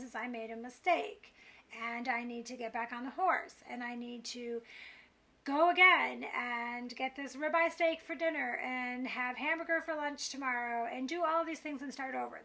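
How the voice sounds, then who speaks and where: A woman's voice: high-pitched, pushed and bright. A middle-aged woman talking candidly to camera in a confessional vlog, frustrated and self-critical as she rambles. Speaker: vlogger.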